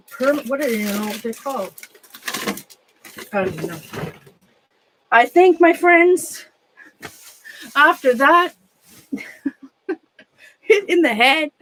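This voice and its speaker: A woman's voice: on the high side, noisy background. A woman chatting casually to her live-stream viewers. She rambles, often trails off and restarts mid-sentence, and laughs at herself a lot. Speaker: craft room vlogger.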